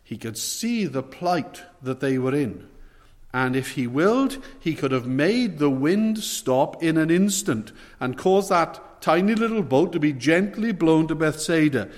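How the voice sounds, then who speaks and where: A man's voice: fairly high pitch, lively intonation, measured pace. Emphatic male preacher in a reverberant hall. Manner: emphatic, rising and falling dynamics. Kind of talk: sermon.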